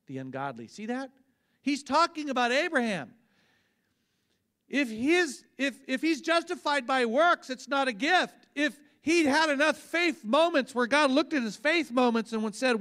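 Man, 50s, pastor, high voice, casual sermon with stories. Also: expressive, a little slow, sharp tone. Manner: informal, repeats words, uses personal stories. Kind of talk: conversational sermon teaching.

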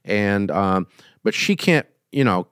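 A man's voice: fairly low pitch, very animated, slow, a bit bright, clear, resonant tone, no room sound. Guy, middle aged, folksy and emphatic, dry close studio sound. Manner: folksy, emphatic, acts out quoted scenes. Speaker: host giving business advice. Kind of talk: casual advice talk.

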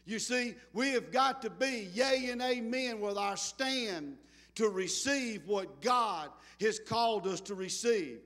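Fervent high-voiced preacher. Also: male voice, expressive, slow, a bit bright, big-room sound. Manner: fervent, repetitive preaching with scripture readings. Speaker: pastor. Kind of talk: sermon. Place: church sanctuary.

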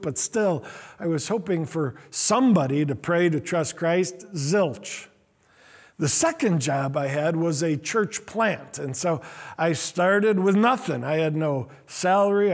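A man's voice: a little high, a little mellow. A middle-aged man, a pastor, telling a story in a sermon in an earnest, self-deprecating way. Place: church sanctuary.

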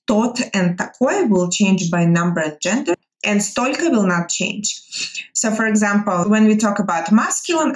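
A woman with a Russian accent, a native Russian speaker, teaching a language lesson. She speaks slowly and carefully, repeating each Russian word and then translating it. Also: medium pitch.

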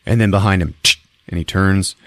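A man hosting a podcast, retelling a movie in a jokey, laughing, animated way. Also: deep voice, moderate pace, no room sound. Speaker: podcast host. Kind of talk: casual movie recap.

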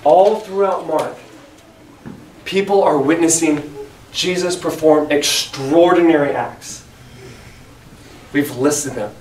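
A man's voice: a little high, takes it slowly, long pauses, darkish tone, far from the mic. A man teaching a church Bible study in an earnest, emphatic way, reading scripture aloud. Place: church room. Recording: echoey room, mic from afar, faint hiss.

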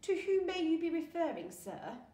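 A woman's voice: very high voice, moderate pace, roomy sound, pitched above the performer's own voice. A woman voicing a young, nervous, polite lost property boy who sounds flustered and eager to please. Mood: posh.

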